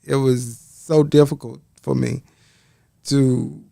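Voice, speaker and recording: A man's voice: medium pitch, flat delivery, takes it slowly, creaky, warm tone, no room sound, studio quality. A man co-hosting a casual talk show, asking hesitant questions with joking asides in a Southern US accent. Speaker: podcast co-host. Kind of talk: casual chat.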